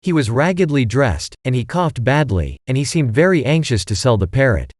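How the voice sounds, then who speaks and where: A man reading an audiobook, voicing an elderly male stage actor who talks in a slow, theatrical, drawn-out way. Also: medium pitch, very animated, a little mellow, no echo, clean studio sound. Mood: recounting.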